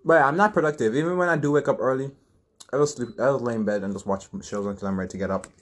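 A man's voice: mid-range voice, very fast. A young man chatting casually and bluntly, trading opinions and laughing easily. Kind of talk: casual chat.

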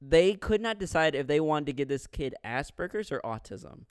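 A man in casual podcast chat, retelling a movie scene by scene and acting out the characters with sudden loud, swearing outbursts. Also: fairly high pitch, animated, normal speed, clear, resonant tone, dry recording, studio quality. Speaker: podcast co-host reviewing a movie.

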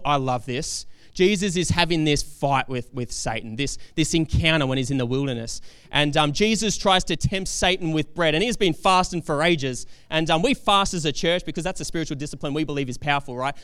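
A man's voice: a little high, expressive, normal speed, a bit bright, smooth, no echo, studio quality. A man preaching a casual, enthusiastic sermon, talking conversationally with frequent fillers and restarts.

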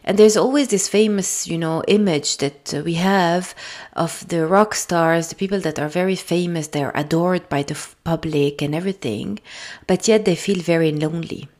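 A woman speaking English with a French accent hosts a solo podcast. Her voice sits a little low, and she talks in an easy, reflective way, often pausing on fillers and restarting her words. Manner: thoughtful, gentle, with frequent fillers and restarts. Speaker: podcast host. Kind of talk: casual solo podcast talk.

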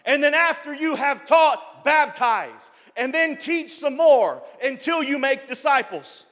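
A man preaching a sermon as pastor, building up to loud shouted passages. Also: extremely high pitch, expressive, a little slow, big-room sound. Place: church.

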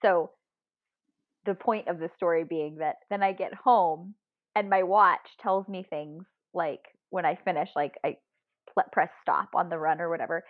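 A woman's voice: on the low side, normal speed, dry recording, phone-quality sound. A woman co-hosting a podcast, telling stories in a casual chat with lots of laughter. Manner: animated storytelling, laughs often. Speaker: podcast co-host.

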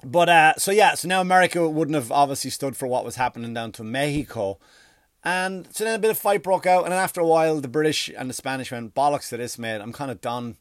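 A man from Ireland, telling a rambling, profane mock history with deadpan jokes and silly put-on voices. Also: on the high side, fast talker, dry recording, clean studio sound. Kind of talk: comedic storytelling monologue.

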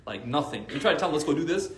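Speaking very fast in a slightly high voice, the man sounds like he's in a roomy space. He teaches Arabic, and in this casual talk on religion for a faith circle he tells animated stories crowded with "like" fillers.

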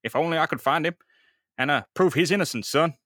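A man's voice: fast talker, a bit bright, no echo, clean studio sound. A man voicing a hearty, overbearing older police captain who drawls and keeps calling people son. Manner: booming, drawling, calls everyone son.

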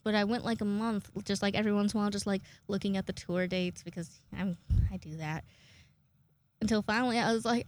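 A woman in her twenties chatting casually to her viewers, rambling and self-mocking, swearing often and jumping into high-pitched acted quotes. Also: steady tone, fairly quick, a little mellow. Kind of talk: casual chat to camera.

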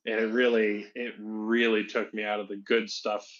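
A man's voice: lowish voice, flat delivery, moderate pace, a bit bright. Easygoing man, slightly dull lo-fi sound. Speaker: podcast co-host. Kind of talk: casual podcast chat.

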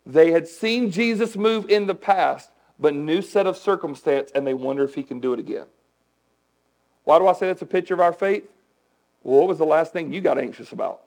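A man preaching a sermon as pastor, conversational and animated, asking the congregation questions. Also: a little high, a little fast, gravelly, low-quality recording.

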